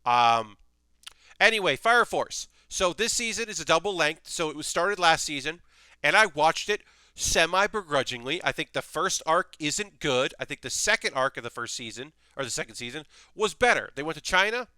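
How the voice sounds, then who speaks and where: Bright, crisp young man chatting anime. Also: a little high, normal speed, no room sound. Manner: rambling, animated, frequent fillers and restarts. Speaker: anime video host. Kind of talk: casual commentary.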